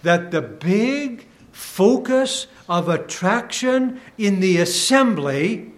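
Slow, high-voiced earnest male preacher. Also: animated. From Canada. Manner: earnest, deliberate preaching with rising emphasis and soft drops. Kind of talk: sermon.

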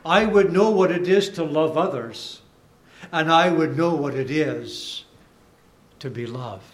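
A man preaching a sermon in an earnest, deliberate way, rising for emphasis and dropping softly at the ends of phrases. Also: fairly high pitch, animated. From Canada.

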